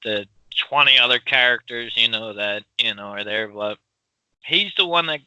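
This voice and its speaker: A man from Philadelphia with a Philly accent, co-hosting a casual chat, loud and rambling with frequent laughs. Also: mid-range voice, normal speed, clear, resonant tone, no echo, low-quality recording. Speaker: podcast co-host.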